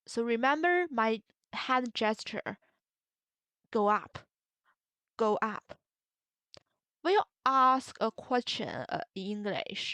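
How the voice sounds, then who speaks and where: Woman, teaching in English; very slow, patient and repetitive; smooth, clear voice, dry close sound. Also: a little high, a bit bright, no room sound. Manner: repeats phrases slowly, models tones with drawn-out vowels. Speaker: Mandarin teacher. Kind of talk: slow, patient language lesson.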